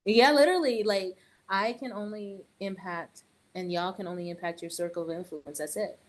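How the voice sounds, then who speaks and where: A middle-aged woman and early childhood educator, chatting on a podcast in an animated way with joking asides. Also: medium pitch, moderate pace, low-quality recording. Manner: animated, joking asides, quotes others in raised voice. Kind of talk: casual podcast conversation.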